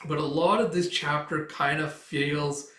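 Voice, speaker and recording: Young man, rambling casual commentary, slightly high voice, roomy echo. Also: fairly even intonation, measured pace, fairly bright tone. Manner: rambling, filler-heavy, with sudden swearing. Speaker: manga reaction host. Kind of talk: casual chapter read-through and commentary.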